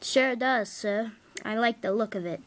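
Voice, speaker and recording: A little inspection car chirps along in agreement in a homemade toy train story, as a woman does its voice. The voice is fairly high and unhurried. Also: a little hiss or hum, lightly acted. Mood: agreeable.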